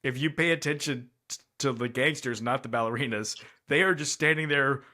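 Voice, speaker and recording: A man co-hosting a casual movie review chat, speaking in a thoughtful, hedging way with frequent pauses and fillers. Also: medium pitch, pushed and bright. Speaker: podcast co-host.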